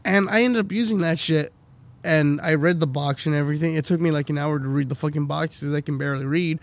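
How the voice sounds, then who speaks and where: A man with a high voice chats on a podcast, profane and lively. He tells his stories with plenty of laughter and swearing, loose and unfiltered. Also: quick pace. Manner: profane, animated storytelling with lots of laughing. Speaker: podcast co-host. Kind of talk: casual chat.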